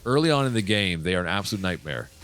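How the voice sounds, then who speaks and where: A deep-voiced man hosts a casual let's-play, cursing freely and yelping at the game. His pitch jumps around a lot. A faint background hum sits under the voice. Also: animated, fast talker. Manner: swears often, reacts loudly to the game. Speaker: gaming channel host.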